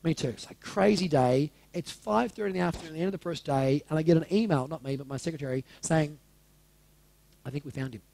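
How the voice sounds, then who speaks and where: A man's voice: a little high, fast talker, creaky, a little mellow. A man in his forties telling a personal story to a live audience in a candid, casual way, swearing freely and asking the room questions. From Australia. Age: 40s.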